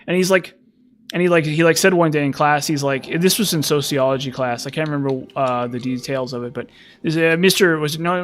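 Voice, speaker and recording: A man's voice: fairly high pitch, a bit bright, a little hiss or hum. A man from the western United States in a rambling casual chat, full of fillers and restarts. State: frazzled. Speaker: streamer.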